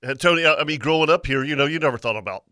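A man's voice: a little high, bright, forceful tone, dry recording, clean studio sound. A man co-hosting a casual radio show, often repeating words and chiming in. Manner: repeats words, quick agreeing.

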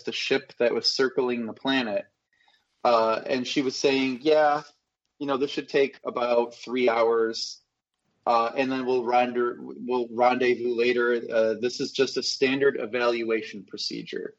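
A man co-hosting a casual podcast, recapping things with a lot of pauses and fillers. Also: medium pitch, fairly even intonation, lo-fi sound. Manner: hesitant, lots of uhs. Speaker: podcast co-host. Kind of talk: casual chat.

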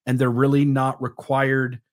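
A man's voice: medium pitch, completely flat delivery, measured pace. A man in his mid-forties with a mid-range voice talks as a podcast guest. He explains his ideas at length, thoughtfully and with occasional fillers. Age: 40s. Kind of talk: conversational interview.

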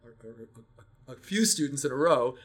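A man's voice: mid-range voice, expressive, a little fast. An older man, a music educator, talking casually and reflectively about teaching children to sing, telling stories with frequent restarts.

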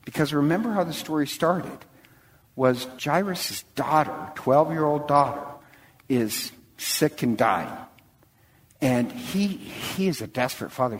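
A man, a priest, retelling a Bible story in a sermon, animated and full of acted-out quotes. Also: medium pitch, long reverb tail, low-quality recording. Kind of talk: sermon-style Bible teaching.

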